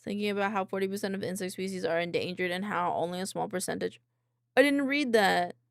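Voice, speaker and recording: A woman streamer reacting to videos in casual commentary, excitable, swearing often and laughing a lot. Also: medium pitch, fast talker, gravelly, no room sound, clean studio sound.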